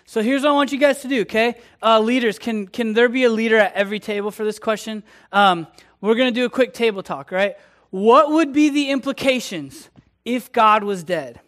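Male youth group leader, high voice, upbeat, playful emcee. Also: a little fast, fairly bright tone. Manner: upbeat, playful, addresses the room directly. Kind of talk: leading a youth group session.

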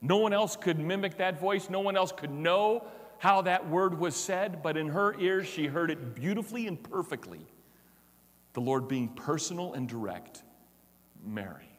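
Male pastor, slightly higher voice, sermon delivery that swings from hushed to emphatic, echoing church hall. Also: animated, normal speed. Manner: swings from hushed tender lines to loud emphatic declarations.

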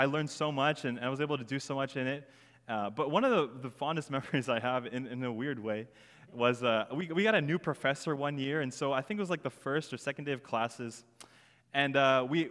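A man's voice: on the high side, a bit bright, big-room sound. A young man preaching a sermon as pastor, earnest and prone to repeating words as he builds a point.

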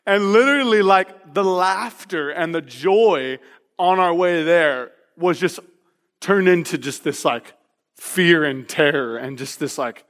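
Male pastor, sermon, animated storyteller, laughs often, high voice, long hall reverb. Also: unhurried.

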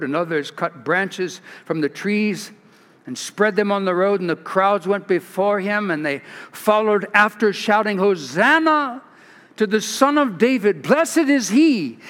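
A man from California, a pastor giving an expressive storytelling sermon with restarts and asides. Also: high voice, measured pace. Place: large church. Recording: long church reverb.

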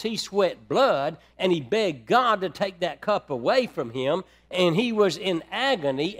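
Emphatic male preacher, soft to loud. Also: high voice. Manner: addresses the congregation as brethren and beloved. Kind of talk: sermon.

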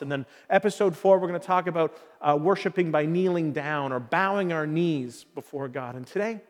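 Male pastor, sermon delivery, earnest and emphatic, bright high voice, lingering church reverb. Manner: earnest, building to emphatic calls. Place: church hall.

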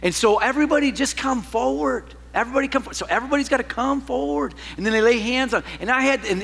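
A man preaching a sermon as a pastor, telling a personal story with animated swings from loud to hushed. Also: very high voice, vocal fry, long reverb tail.

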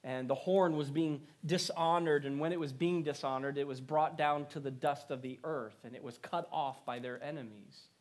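A man preaching a sermon in an earnest pastoral voice that sits a little high for a man. He swings between raised, emphatic lines and soft, prayerful ones, and he restarts a phrase now and then as he goes. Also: moderate pace, hardly any pauses.

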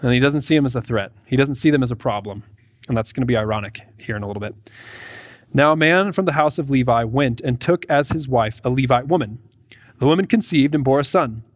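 A pastor preaching a sermon, reading scripture aloud and then explaining it in a conversational way. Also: male voice, mid-range voice, a little fast, no room sound, clean studio sound.

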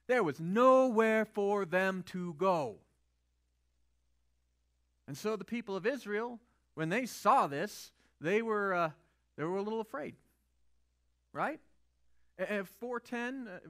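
A man's voice: high voice, lively intonation, a little slow, pauses often. A male pastor preaching a sermon in a conversational way, often asking the audience rhetorical questions.

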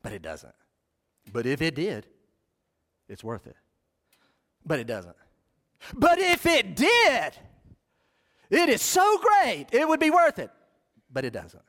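A man preaching a sermon as pastor, passionate and emphatic. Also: medium pitch.

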